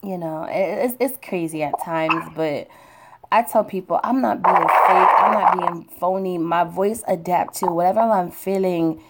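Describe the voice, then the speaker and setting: A woman hosting a casual chat in a relaxed, chatty way. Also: lowish voice, moderate pace, heavy background noise.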